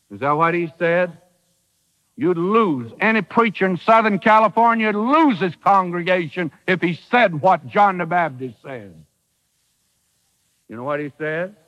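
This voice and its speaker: A man delivers a radio sermon in a folksy, emphatic style, his high voice swooping up and down. He acts out quoted speakers with drama. The sound comes from an old broadcast recording with a long hall echo. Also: lively intonation, measured pace, long pauses, fairly bright tone, muffled recording. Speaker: preacher.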